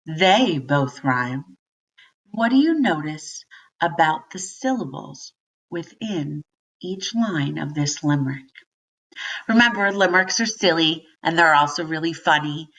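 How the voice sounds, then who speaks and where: A woman teacher reading a children's book aloud to young students and asking the class questions in a gentle, sing-song way. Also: fairly low pitch. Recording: distant mic.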